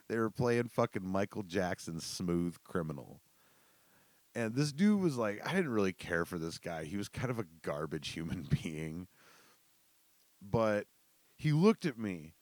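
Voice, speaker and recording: Low-voiced man telling rambling stories. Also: no room sound. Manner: rambling and profane, laughing, with quick bursts and shouted quotes. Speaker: storyteller. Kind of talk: casual storytelling.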